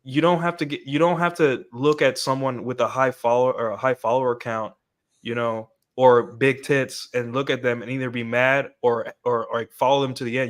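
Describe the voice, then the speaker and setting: A man co-hosting a podcast, talking in a loose, rambling way with many restarts. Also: mid-range voice. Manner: rambling, full of restarts and fillers. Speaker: podcast co-host. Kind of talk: casual podcast discussion.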